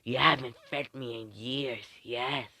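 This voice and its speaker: A man voicing an ancient, servile white serpent that is always hungry and talks in a hushed, low, breathy voice. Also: steady tone, slow pace, no room sound, exaggerated voice.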